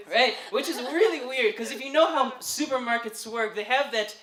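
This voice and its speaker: A young man doing stand-up comedy at an open mic, telling a chatty, animated story and often laughing through his lines. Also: very high voice, roomy sound. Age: young adult. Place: open mic night venue.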